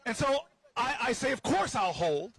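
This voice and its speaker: A senator speaking outdoors at a rally, telling a playful story to the crowd, with stammering restarts and repeated words. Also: male voice, very high voice, unhurried, a little hiss or hum, rough recording. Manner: lively, playful storyteller who teases the crowd. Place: outdoors on building steps at a rally.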